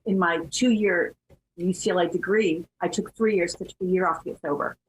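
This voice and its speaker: A woman in her fifties from California, a podcast guest telling her story candidly in an animated, chatty way and laughing as she goes. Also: lowish voice, moderate pace, a little hiss or hum, poor audio. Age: 50s.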